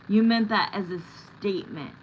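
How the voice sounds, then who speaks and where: A woman's voice: mid-range voice, moderate pace, slight background noise, low-quality recording. A middle-aged woman hosting a live tarot stream, chatting casually and bluntly with viewers and swearing now and then.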